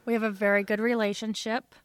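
A woman's voice: medium pitch, little pitch movement, fast talker, no echo. A young woman co-hosting a podcast, telling a story in a chatty, sarcastic way. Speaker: podcast co-host. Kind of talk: casual chat.

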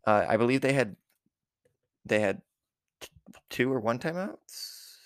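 A man's voice: medium pitch, animated, measured pace, clear, resonant tone. A man casually recapping a football game from memory, rambling with many fillers and self-corrections. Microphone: recording app with a time limit.

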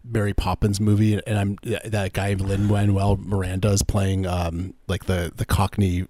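Sarcastic podcast co-host, husky dark voice, dry room. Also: male voice, low voice, flat delivery, normal speed, no echo. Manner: dry, sarcastic, lots of fillers. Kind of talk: casual comedic banter.

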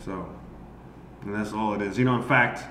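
A man's voice: on the low side, steady tone, normal speed, pushed and bright. A man, an amateur comedian streaming, ranting casually and profanely and rambling with many fillers. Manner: rambling, heavy on "you know" fillers. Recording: roomy echo, faint background noise.

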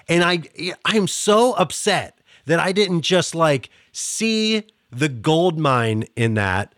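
A man with a Pittsburgh accent hosts a loose, friendly chat, laughing easily and backing up to restart his thoughts. His voice sits a little high, and the recording is dry and close. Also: lively intonation, slow pace, few pauses, a bit bright, no room sound. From Pittsburgh area. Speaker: podcast host. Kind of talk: casual interview chat.

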